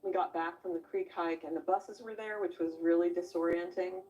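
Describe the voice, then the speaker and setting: Low-voiced woman, reflective and halting. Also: fairly even intonation, dark tone, distant mic, muffled recording. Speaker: former camper interviewed. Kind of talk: documentary interview.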